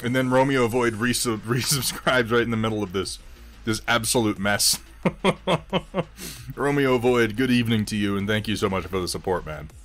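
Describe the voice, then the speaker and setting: A man's voice: fairly low pitch, a little fast, fairly bright tone, a little hiss or hum. A man hosting a casual livestream, chatting wryly with viewers in a rambling way while he eats and paints miniatures.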